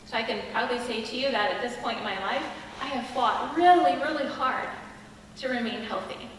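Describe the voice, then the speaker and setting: A middle-aged woman giving an earnest, confiding personal testimony as a chapel speaker, with pauses and restarts. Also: on the high side, slight background noise. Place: school chapel hall. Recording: echoey hall from a distant mic.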